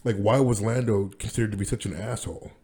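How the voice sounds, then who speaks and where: Rambling man with a lowish voice. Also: fast. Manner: rambling, animated, with frequent restarts and fillers. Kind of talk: casual monologue.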